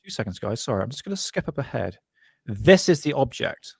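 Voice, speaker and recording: A man's voice: mid-range voice, very animated, a little fast, vocal fry, slightly rough, dry recording, faint music behind. A man from Bristol with a Bristolian accent, hosting a casual podcast chat, rambling and laughing often. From Bristol, England. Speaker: podcast host.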